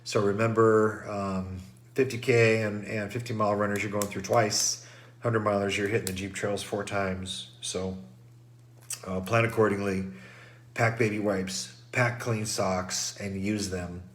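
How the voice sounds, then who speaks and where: This middle-aged race director, his somewhat low voice congested from trail dust, gives runners a casual pre-race briefing at a measured pace. His delivery is flat and rambling, full of fillers and false starts.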